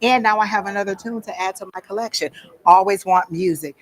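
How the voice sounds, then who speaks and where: A chatty woman leads an informal workshop at a psychic fair. She speaks to the audience at an everyday pitch, conversational and loose, and checks in with the room for questions. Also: brisk.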